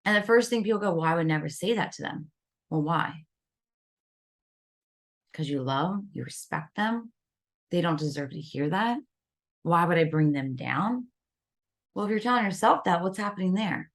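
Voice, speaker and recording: A woman guest discusses stress and self-talk on a wellness podcast, voicing the inner critic in an animated way during the interview. Her fairly low voice is expressive, moderately paced, and broken by long pauses.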